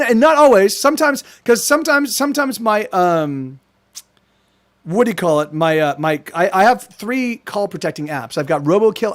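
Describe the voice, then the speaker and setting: A man chatting casually on a livestream, rambling with many restarts and frequent swearing, from his small apartment. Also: high voice. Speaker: streamer.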